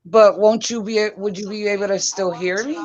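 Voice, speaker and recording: A woman's voice: medium pitch, steady tone, fairly quick. A woman hosting a casual group video chat, chatty and laughing as she fumbles with her settings. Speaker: stream host. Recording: dull lo-fi call audio.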